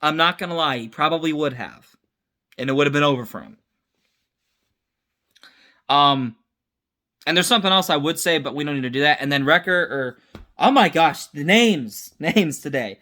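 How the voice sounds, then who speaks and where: A man's voice: a little high, normal speed, pauses often, sharp tone. A tired young man giving a casual, unscripted episode review, rambling with restarts and mixing up names.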